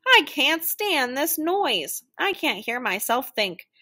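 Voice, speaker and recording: A woman plays a flustered old clockmaker in a children's storybook, pleading and slow. The voice sits high and bright, swinging widely in pitch. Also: big pitch swings, exaggerated voice. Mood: exasperated. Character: fussy older man, easily flustered by noise.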